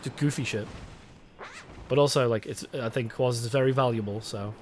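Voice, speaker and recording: A man's voice: medium pitch, normal speed, a little mellow, slight background noise. A young British man streaming a game, chatting casually with his chat, swearing and rambling. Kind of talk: casual live-stream chat while gaming.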